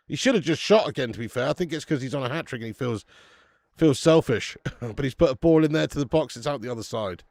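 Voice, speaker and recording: Laddish football streamer. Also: male voice, mid-range voice, expressive, fast talker, no echo. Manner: chatty and laddish, swears, calls viewers mate and lad; bursts out loud at match chances. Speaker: football watch-along streamer. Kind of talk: live match watch-along chat.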